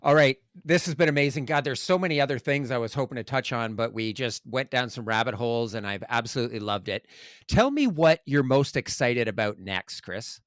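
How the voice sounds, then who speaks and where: A male podcast host who asks questions and reacts with warm admiration. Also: medium pitch, animated, brisk, dry recording, studio quality. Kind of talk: interview podcast.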